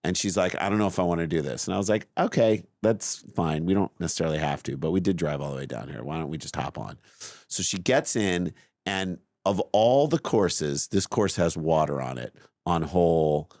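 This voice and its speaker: A middle-aged man co-hosting a podcast, telling a long story in a lively, self-mocking way. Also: low voice, normal speed, vocal fry, dry recording, clean studio sound. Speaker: podcast co-host. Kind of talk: casual chat, storytelling.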